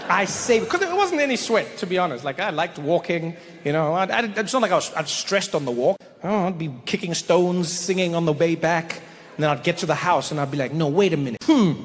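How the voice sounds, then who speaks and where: A man's voice: a little high, brisk, slight background noise. A male stand-up comedian telling a story animatedly, acting out characters on a live stage. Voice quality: animated, acts out characters, stammering restarts. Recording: live stage, long hall reverb.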